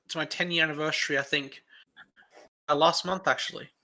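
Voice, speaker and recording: A man talking on a casual podcast, easygoing and hesitant with little fillers. His voice sits fairly high and sounds very bright and forward. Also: fairly even intonation, fairly quick. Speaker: podcast host. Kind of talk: casual chat.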